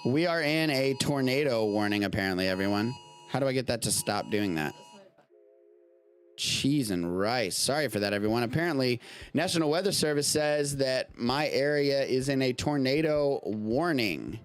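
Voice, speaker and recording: Male stream host, mid-pitched, rambling and offhand, faint music underneath. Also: lively intonation, moderate pace. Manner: rambling, self-interrupting, swears casually. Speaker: live-stream show host. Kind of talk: casual live-stream news chat.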